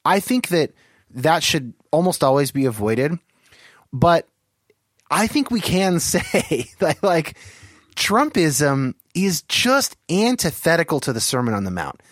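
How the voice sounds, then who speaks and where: A man's voice: a little high, sing-song, takes it slowly, fairly bright tone, no room sound. Thoughtful man hosting a dry-sounding chat. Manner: thoughtful, qualifying, frequent fillers. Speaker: podcast host. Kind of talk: casual conversation.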